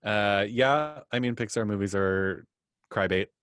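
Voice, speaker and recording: A man co-hosting a casual podcast, wry and laid-back, gently teasing his co-host. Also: on the low side, unhurried, clear, resonant tone, dry recording. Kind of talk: casual chat.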